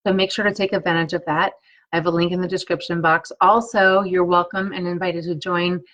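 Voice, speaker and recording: A woman leads a live-streamed tapping lesson, chanting slow affirmations and chatting encouragingly with her viewers. Her voice sits a little low. The stream audio is dull and lo-fi. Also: flat delivery. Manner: slow, soothing repeated affirmations; warm, encouraging chat with viewers. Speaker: energy tapping coach.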